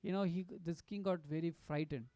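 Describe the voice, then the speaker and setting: A man giving a devotional storytelling talk at a satsang, animated and full of fillers and restarts. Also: fairly high pitch, brisk, dry recording. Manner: animated, acts out quotes, many fillers and restarts. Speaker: satsang speaker.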